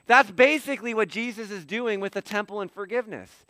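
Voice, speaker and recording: A middle-aged man preaching a sermon as pastor, animated and acting out quoted dialogue. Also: high-pitched, brisk, no echo.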